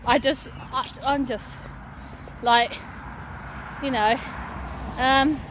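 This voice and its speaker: Walking outdoors past a bus stop on a busy street, a young woman vlogger talks casually into her phone in a high, steady voice with drawn-out words. She's chatty and swears freely, with loud traffic and buses going by in the background.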